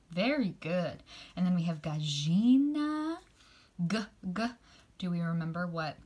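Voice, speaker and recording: Casting: low-pitched woman, slow and encouraging, teaching children letter sounds. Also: expressive, dark tone. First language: English.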